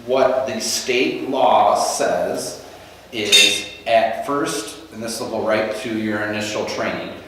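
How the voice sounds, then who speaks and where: A man's voice: lowish voice, slow, heavy background noise. A man running a real estate training session, walking through forms step by step in a practical, conversational way. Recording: echoey room from far off.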